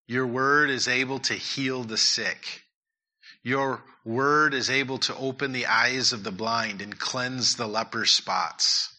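A man's voice: mid-range voice, fairly even intonation, slow, sharp tone. A man preaching a sermon and leading prayer in a church, earnest and repeating his key points. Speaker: pastor.

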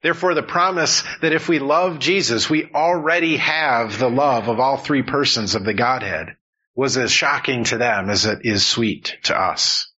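Male pastor, emphatic sermon delivery, bright with some huskiness, slightly muffled recording. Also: medium pitch, normal speed, breathy edge. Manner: earnest, emphatic preaching with repetitions.

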